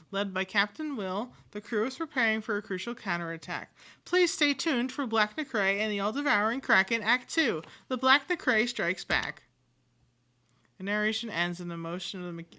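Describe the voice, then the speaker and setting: A woman's voice: medium pitch, pushed and bright. A woman streamer reading game dialogue aloud, playfully switching voices and accents for each part. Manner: reads every part aloud, switching voices and accents, sometimes with pirate flourishes.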